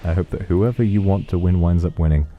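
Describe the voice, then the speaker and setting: A man streaming, chatting softly and affectionately as he reads viewer donations. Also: deep voice, fast, highs cut off, a little hiss or hum. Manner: soft, affectionate, musing. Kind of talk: casual chat reading donations.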